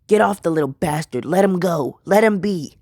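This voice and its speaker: A man's voice: high voice, normal speed, darkish tone, no room sound, clean studio sound, pitched above the performer's own voice. A young man voicing a brutal, threatening father in a story retelling. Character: violent, threatening abusive father.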